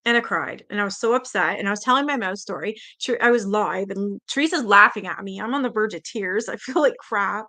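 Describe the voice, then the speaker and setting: Gravelly bright-voiced Canadian woman livestreamer. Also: medium pitch, a little fast. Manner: chatty, swears freely, laughs often. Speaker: livestream host. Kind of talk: reading aloud and chatting with live viewers.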